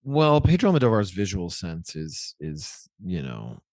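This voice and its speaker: Rambling, low-voiced man. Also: huge pitch swings, a little slow, darkish tone, dry recording, clean studio sound. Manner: rambling, self-correcting, many likes. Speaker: guest. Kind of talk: casual interview chat.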